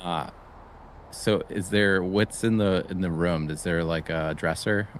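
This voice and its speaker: A man playing a tabletop game, describing his character's actions hesitantly, with many pauses. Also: deep voice, fairly even intonation, a crowd in the background. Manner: hesitant, many fillers and restarts. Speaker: player. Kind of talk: casual tabletop play.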